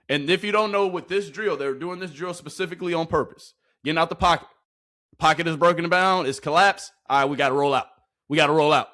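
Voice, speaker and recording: A young man casually breaking down football practice clips, excitable and full of slang, repeating his lines and laughing as he goes. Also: fairly high pitch, moderate pace, pauses often. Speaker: football reaction commentator. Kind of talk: casual hyped clip breakdown.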